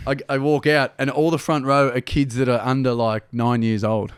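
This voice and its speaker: A man's voice: medium pitch, moderate pace, clean tone, no room sound, clean studio sound. An Australian man, a comedian guest, telling stories in a casual chat and acting out the people he quotes. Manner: animated storyteller, acts out quotes.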